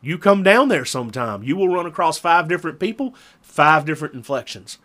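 A man's voice: on the high side, animated, brisk, a bit bright. A man with a Southern Virginia drawl, telling rambling stories in casual chat as a podcast co-host. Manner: rambling storyteller, chuckles often.

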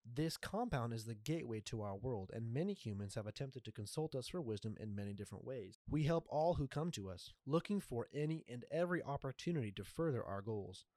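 A man voicing a calm, cryptic male jaguar spirit who speaks slowly and softly in a storybook reading. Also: mid-range voice, no room sound, studio quality, natural voice. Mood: solemn. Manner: slow, deliberate and soft-spoken.

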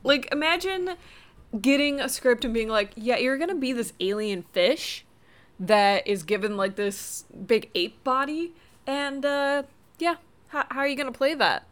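A woman's voice: high voice, measured pace, fairly bright tone. A woman co-hosting a casual movie podcast. She sounds cheerful and laughs easily as she trades opinions with her co-host. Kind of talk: casual movie review chat.

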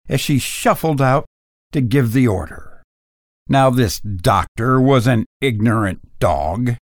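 A man narrating a first-person ghost story in a dramatic, expressive reading. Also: mid-range voice, no room sound, studio quality.

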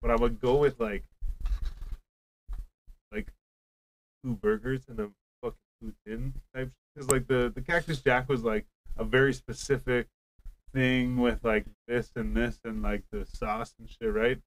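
Young dude rambling thru a story, like like like, cusses a lot, plain middle voice. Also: male voice, medium pitch, fairly even intonation, a little slow, pauses often, low-quality recording. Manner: rambling storytelling, heavy "like" filler, frequent swearing. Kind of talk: casual chat among friends.

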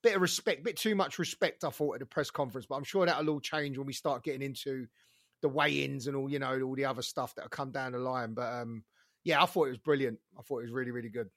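A man's voice: mid-range voice, fast talker, fairly bright tone, no room sound, clean studio sound. A British man co-hosting a boxing chat, laughing easily and swearing, with tags like "innit". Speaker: boxing podcast co-host. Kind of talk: casual chat.

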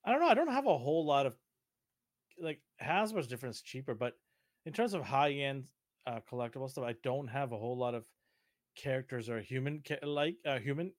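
Male podcast co-host, mid-pitched, opinionated casual talk, dry close sound. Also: expressive, brisk, dry recording. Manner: opinionated, argues his point. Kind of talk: casual chat.

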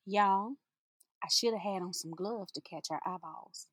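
A woman's voice: mid-range voice, moderate pace, fairly bright tone, slightly rough, no echo, studio quality. A woman teacher giving an inspirational spoken-word monologue, sassy and playful, laughing often and drawing out her words for emphasis.

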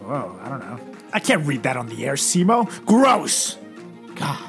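Male podcast co-host, mock-pompous comic banter, average pitch, light music bed. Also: very animated, a little fast, vocal fry. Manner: joking, mock-pompous, swears freely. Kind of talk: comedic casual chat.

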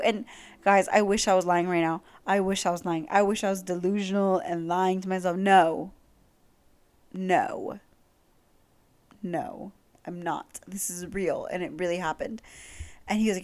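A young woman telling a story to her podcast listeners in a casual, gushing chat. She is excitable and full of fillers, with her voice sitting at an ordinary middle pitch. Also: normal speed. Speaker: podcast host.

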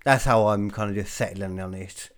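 A young man from the UK talking alone in a loose, rambling way. He swears freely and mocks himself, jumping from loud bursts to low mumbles. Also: smooth. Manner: rambling, self-mocking, sweary, quick swings between loud and mumbled. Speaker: podcaster and stand-up comic. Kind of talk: casual solo chat.

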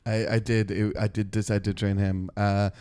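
Brief: man doing a beaten-down veteran boxer, halting deadpan delivery, smooth resonant voice, dry close sound. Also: on the low side, no echo, lightly acted. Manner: hesitant, many filler pauses, deadpan. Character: washed-up aging male boxer, meek and self-deprecating. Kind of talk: improvised comedy interview in character.

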